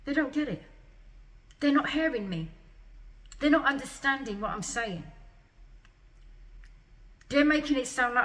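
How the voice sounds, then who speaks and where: A woman's voice: high-pitched, animated, moderate pace, long pauses, a bit bright. A distressed woman venting in a vlog, agitated and repeating rhetorical questions over and over. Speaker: patient vlogger. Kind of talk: emotional vlog rant.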